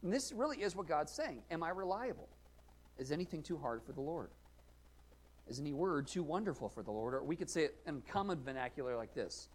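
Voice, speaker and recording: A man preaching a sermon, earnest and questioning, rising and falling in loudness to stress his points. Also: fairly high pitch, sing-song, fast talker. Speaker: pastor.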